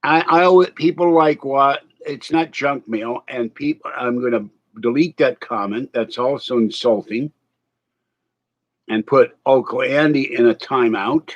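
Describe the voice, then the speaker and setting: A man's voice: mid-range voice, unhurried, muffled recording. A man rambling on a casual live stream, distracted and laughing at his own remarks, with a slight cold and a little out of breath. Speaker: vlogger.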